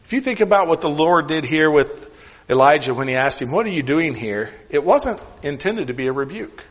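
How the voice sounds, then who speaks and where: Guy preaching, earnest, asks lots of questions, goes soft on the big lines, kinda muffled lo-fi sound. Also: fairly high pitch, long reverb tail. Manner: earnest, questioning, dropping softly on key lines. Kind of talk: sermon.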